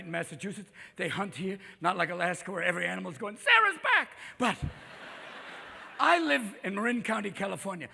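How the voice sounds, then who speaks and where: Man, stand-up comedy, manic, animated pitch, sharp bright tone, faint background noise. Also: vocal fry. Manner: manic, profane, jumping into voices. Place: live theater stage. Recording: live reverberant hall.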